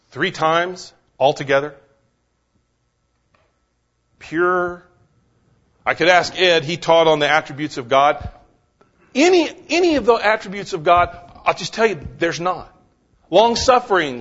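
A man's voice, a little higher than most, delivers a sermon at an unhurried pace. He stresses key words by repeating them and keeps asking his listeners questions. The recording is dull and lo-fi, as if taped in a church. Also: fairly bright tone. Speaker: preacher.

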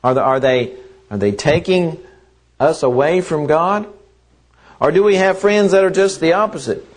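A man preaching a sermon in a slow, earnest way, repeating phrases for emphasis. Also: a little high, expressive.

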